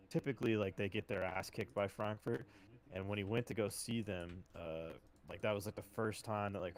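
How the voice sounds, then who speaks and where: Young male podcast co-host, lowish voice, rambling storyteller who swears a lot. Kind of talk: casual chat.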